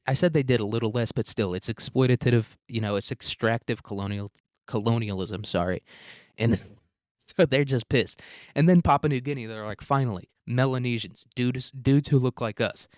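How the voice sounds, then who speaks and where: A man's voice: mid-range voice, brisk, dry recording, studio quality. A man hosting a casual history podcast, talking in an irreverent, profane way and acting out the people he quotes. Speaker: podcast host.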